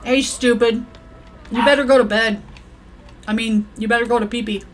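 A young woman giving casual, profane commentary while playing a life-sim game, yelling at the characters and rambling. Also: fairly high pitch, steady tone, normal speed, background noise. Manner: rambling, self-interrupting.

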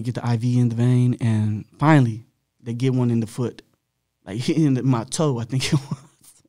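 A man's voice: medium pitch, dark tone, no room sound, clean studio sound. A man as a podcast guest, telling his own story in a candid, blunt way, full of slang and swearing.

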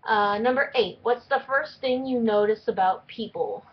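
A woman's voice: a little high, moderate pace, lo-fi sound. Chatty young woman vlogging. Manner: chatty and rambling, with frequent fillers. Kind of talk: casual tag video chat.

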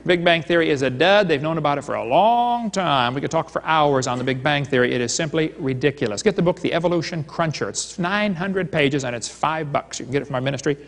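A man with a somewhat high voice lectures at a live seminar, mixing jokes with stories that he acts out as dialogues. His voice rings with the long reverb of a large hall. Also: animated, a little fast, hardly any pauses. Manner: joking storyteller, retelling dialogues. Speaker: creationist seminar speaker.

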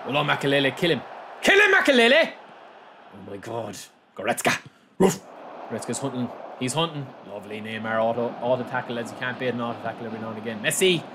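A man hosting a gaming channel, giving excitable live commentary on his own match, shouting at the play and calling viewers lads. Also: medium pitch, quick pace, noisy background.

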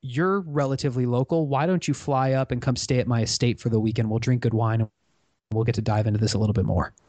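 A man guesting on a podcast, telling stories in an animated way. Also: on the low side, quick pace, dry recording. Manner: animated storyteller. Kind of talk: storytelling in an interview.

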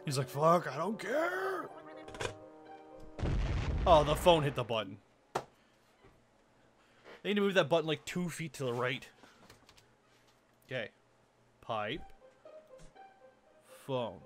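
A young man commenting on a game as he plays, excitable, swearing and laughing often. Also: mid-range voice, a little slow, long pauses. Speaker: gaming video host. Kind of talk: let's play commentary. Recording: game music playing behind.

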